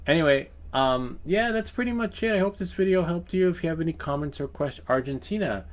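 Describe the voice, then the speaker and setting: A man's voice: a little high, animated, a little fast, few pauses. A man hosting a drone channel, chatting casually with viewers in a rambling way, laughing often and trying out rusty Spanish. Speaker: FPV drone channel host. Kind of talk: casual livestream chat with viewers.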